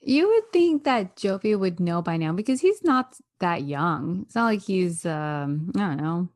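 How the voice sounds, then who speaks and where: A woman co-hosting a podcast, chatting casually in an animated way and laughing often. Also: on the low side, unhurried. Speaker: podcast co-host. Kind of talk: casual chat recapping a reality show.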